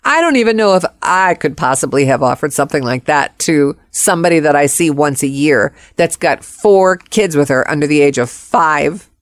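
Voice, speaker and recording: A woman's voice: sits low, animated, moderate pace, hardly any pauses, dry recording, studio quality. A woman telling a personal story expressively, acting out the voices of the people in it.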